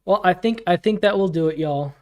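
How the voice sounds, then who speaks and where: A man hosting a community livestream Q&A, casual and relaxed, laughing often as he answers questions from chat. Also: high voice, a little fast. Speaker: community AMA host.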